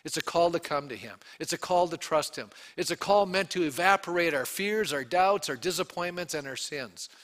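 A man, a pastor, preaching an Easter sermon to his congregation, telling the story with animated asides and questions to the room. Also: on the high side, moderate pace, few pauses. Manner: animated storytelling, acting out quotes.

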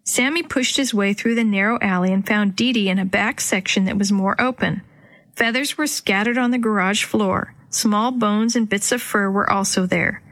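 Female narrator for a kids' storybook, dry close recording, gentle character voices. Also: mid-range voice, moderate pace, dry recording. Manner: reads dialogue with light character voices. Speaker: audiobook narrator. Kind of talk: children's storybook reading.

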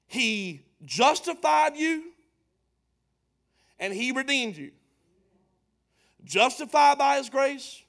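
A man preaching a sermon, emphatic and playful, swelling to loud lines. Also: very high-pitched. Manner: emphatic, building to loud punchlines, playful asides.

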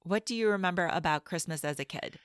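A middle-aged woman from Chicago, co-hosting a casual chat and telling a lively family story. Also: fairly low pitch, quick pace, no room sound, clean studio sound. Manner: animated storyteller, acts out quoted lines.

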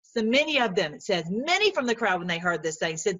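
An earnest woman giving informal Bible teaching and prayer, animated, laughing often and repeating words as she goes. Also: mid-range voice, fairly quick, no room sound.

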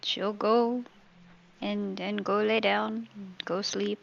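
A woman's voice: medium pitch, flat delivery, slow, vocal fry, muffled recording, slight background noise. A woman playing a tabletop game, describing what her character does. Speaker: player. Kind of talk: tabletop role-play chat.

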